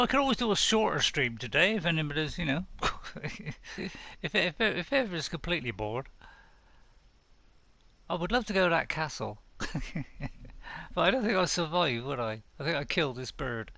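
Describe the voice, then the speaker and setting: A chatty man with a bright, forceful voice pitched a little high. He gives casual live commentary on a game as he plays, talking to himself and reading viewers' messages aloud. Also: expressive, moderate pace, vocal fry, no room sound. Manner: chatty, talks to himself and reads chat aloud. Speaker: game streamer.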